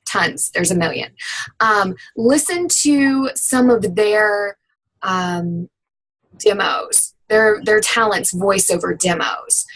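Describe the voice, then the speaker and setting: A woman's voice: medium pitch, a bit bright, low-quality recording. A woman who works as a voiceover actor and demo producer, giving friendly, rambling advice with many fillers on a webinar.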